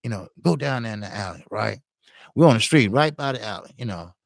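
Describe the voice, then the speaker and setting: A man's voice: lowish voice, animated, brisk, vocal fry, no room sound, studio quality. Man rambling through a street story. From Chicago, USA. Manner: rambling, heavy on "you know" and profanity. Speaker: boxing channel host. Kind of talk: casual storytelling.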